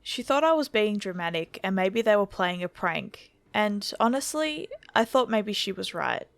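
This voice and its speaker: A woman narrating a horror story from a script in a steady, measured reading voice. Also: mid-range voice, creaky, dry recording.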